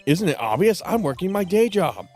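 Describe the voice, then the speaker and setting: A man's voice: sits high, very animated, moderate pace, darkish tone, soft background music, pitched above the performer's own voice. A man voicing a goofy, boastful young man who sells hot dogs.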